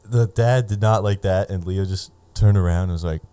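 Young male comic, low mellow voice, loose swearing storyteller, casual pod chat. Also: moderate pace, smooth, no echo. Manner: loose, profane, lots of fillers. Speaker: guest comedian.

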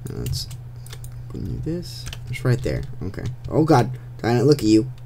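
On a desktop USB mic with slight background noise, a young gameplay commentator talks playfully to the monsters he faces. His voice is on the low side and dark, a little slow, with vocal fry and huge pitch swings.

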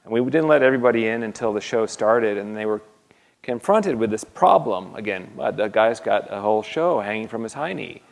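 A man with a low, gravelly voice gives a slide talk about his own art in a university lecture hall. He speaks haltingly and keeps breaking off to restart with fillers. The sound carries a long hall reverb. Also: animated. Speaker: artist giving a lecture.

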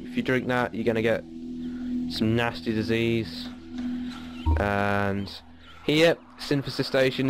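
Chatty man narrating gameplay. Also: medium pitch. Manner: chatty, rambling with many fillers. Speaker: gaming channel host. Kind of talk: casual let's play commentary. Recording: game audio under the voice.

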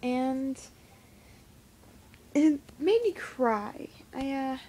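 Slow, hesitant teen girl with a lisp. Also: sits high, animated, dark tone, slightly rough. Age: teens. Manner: hesitant, halting with many fillers. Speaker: vlogger. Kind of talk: casual vlog talk to camera. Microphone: phone camera.

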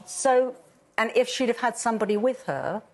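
A woman's voice: a little high, lively intonation, moderate pace, a little hiss or hum. A middle-aged English woman talking earnestly and emphatically as a guest on a daytime TV panel show, recorded in a studio. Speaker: guest campaigner.

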